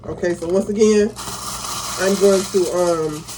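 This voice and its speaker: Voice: medium pitch, fairly even intonation, slow, noisy background. A home cook casually talking viewers through a recipe step by step, in a chatty, easygoing way. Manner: chatty, talks viewers through each step, laughs easily. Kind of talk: casual cooking tutorial. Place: home kitchen.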